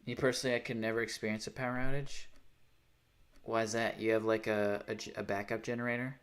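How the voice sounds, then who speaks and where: A man's voice: fairly low pitch, flat delivery, fast talker, a bit bright. A young man chatting casually on a live stream, rambling, sarcastic and swearing freely. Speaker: livestreamer.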